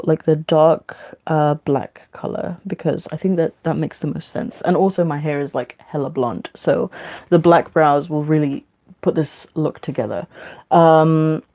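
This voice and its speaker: A woman's voice: sits low, dark tone. A young woman, chatting casually and rambling while doing her makeup on a livestream, swearing freely. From England. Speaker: livestreamer and teacher.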